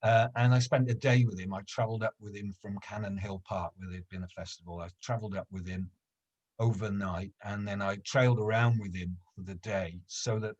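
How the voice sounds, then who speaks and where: A man, a professional storyteller, chatting casually and recounting anecdotes in a halting way with frequent restarts. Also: fairly low pitch, highs cut off. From Wales.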